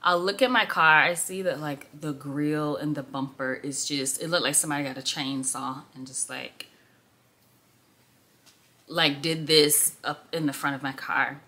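A woman's voice: low-pitched, steady tone, measured pace, sharp tone. A young woman in her twenties telling a rambling storytime in a chatty way, full of "like", while doing her makeup. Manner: chatty, rambling, heavy use of "like". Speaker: beauty vlogger. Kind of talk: casual get-ready-with-me storytime.

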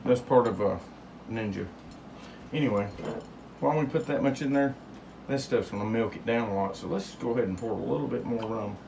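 A man's voice: medium pitch, a little fast, creaky, background noise. A man hosting a casual home cocktail demonstration, rambling and joking in drawled asides, recorded in a home kitchen. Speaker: home cocktail show host.

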